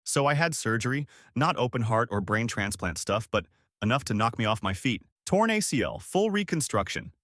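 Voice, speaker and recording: A man's voice: medium pitch, sing-song, normal speed, a bit bright, no room sound, studio quality. A man in his thirties narrating a first-person story from a script, in a wry, sarcastic way.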